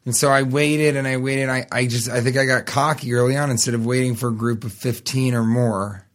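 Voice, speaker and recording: A man's voice: mid-range voice, steady tone, fairly quick. A man co-hosting a comedy podcast, rambling in a self-deprecating way and swearing freely in casual chat. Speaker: podcast co-host.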